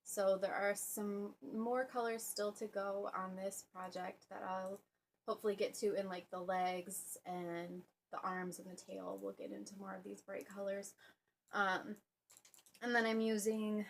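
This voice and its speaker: A young woman hosting a casual knitting vlog at home, chatty and relaxed, full of ums and little laughs. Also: mid-range voice, a little slow, slight background noise. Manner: chatty, with fillers and soft laughs. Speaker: knitting podcast host. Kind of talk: casual show-and-tell vlog.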